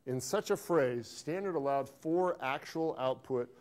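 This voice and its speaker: A man teaching an accounting class, lively, quizzing students and repeating key phrases, recorded in a classroom. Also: mid-range voice, measured pace. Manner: animated, asks the class questions and drills a phrase. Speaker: accounting instructor. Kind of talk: classroom lecture. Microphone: filmed by a videographer in class.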